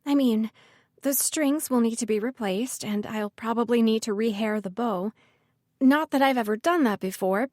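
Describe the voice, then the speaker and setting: A woman voicing a lively dramatic woman in her thirties. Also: fairly high pitch, dry recording, studio quality, lightly acted. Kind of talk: audiobook character voice.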